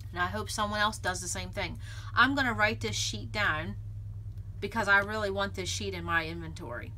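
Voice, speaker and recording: A woman's voice: mid-range voice, moderate pace, bright, forceful tone, a little hiss or hum. A woman hosting a scrapbooking video, chatting casually and thinking aloud as she works in her craft room. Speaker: scrapbooking channel host.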